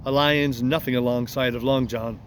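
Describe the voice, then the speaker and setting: A man playing a rough old ship's coxswain who speaks in plain sailor's talk in a storybook reading. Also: mid-range voice, steady tone, normal speed, background noise, lightly acted. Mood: admiring.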